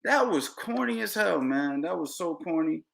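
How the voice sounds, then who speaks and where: A man's voice: a little high, moderate pace, creaky. A man hosting a boxing podcast, ranting heatedly and repeating himself. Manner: animated, ranting, repeats phrases. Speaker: podcast host.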